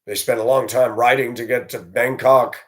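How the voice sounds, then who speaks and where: A man delivers a solo vlog monologue, indignant and blunt. He rants straight to camera in an average-pitched voice. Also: fairly even intonation, moderate pace, a bit bright. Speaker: vlogger.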